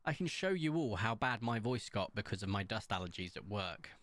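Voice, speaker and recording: A man chatting casually to viewers while streaming, excitable and rambling, with sudden jumps up in pitch. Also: brisk, no room sound. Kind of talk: casual live-stream chat.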